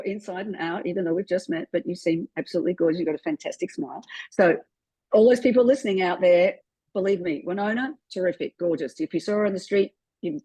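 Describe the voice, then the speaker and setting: A middle-aged woman with an Australian accent, a film producer chatting as a guest on a video call, warm and full of ums. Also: medium pitch, husky, dry recording, low-quality recording. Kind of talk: casual interview chat.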